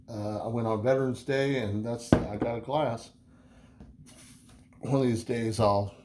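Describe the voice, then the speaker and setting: A man's voice: lowish voice, a little mellow. A man talking casually through a beer review, easygoing and chatty, rambling with many fillers and restarts.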